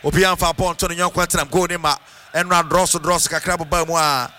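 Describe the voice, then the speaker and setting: A man with a Ghanaian accent calling a football match live on radio, in a sing-song, excitable delivery that mixes English with Twi. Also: on the high side, quick pace. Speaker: play-by-play commentator.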